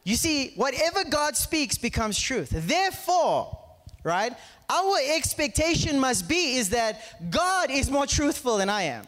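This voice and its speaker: A man's voice: very high voice, unhurried, long reverb tail. A man preaching a conversational sermon full of anecdotes, often checking in with his audience. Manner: animated, constantly checks in with the audience.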